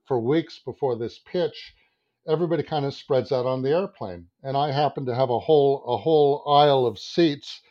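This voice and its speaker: Animated man telling a profane anecdote. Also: mid-range voice. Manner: animated, swearing, acts out his own inner voice. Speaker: guest, advertising creative director. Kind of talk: anecdotal storytelling in a podcast interview. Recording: dull lo-fi sound.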